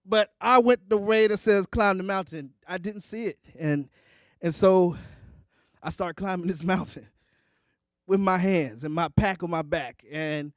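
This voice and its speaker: A man performing at a concert, telling a vivid story in an emphatic, animated way. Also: sits high, measured pace, no echo, clean studio sound. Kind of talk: live spoken storytelling and singing. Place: concert stage.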